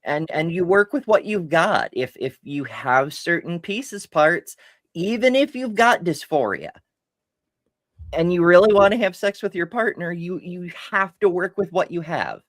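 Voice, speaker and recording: Her lowish voice is animated but measured in pace, recorded without echo. As a podcast co-host, she reads viewers' chat messages aloud and answers them bluntly and frankly in a relaxed conversation.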